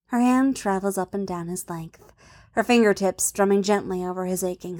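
Female narrator for an intimate story reading: soft, hushed, mid pitch. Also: fairly even intonation, normal speed. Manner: soft, intimate, often dropping to a hush. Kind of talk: reading an adult fan fiction story.

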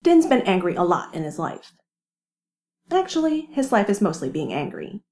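A woman reading a fan story aloud with lively, wry storytelling. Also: medium pitch, moderate pace. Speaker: reader. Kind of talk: fan fiction narration.

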